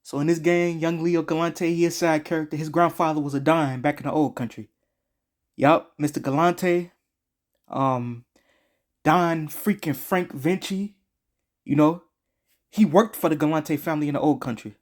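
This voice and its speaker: A man's voice: a little high, steady tone, moderate pace. A man giving a casual game review, slangy and profane, rambling with frequent restarts.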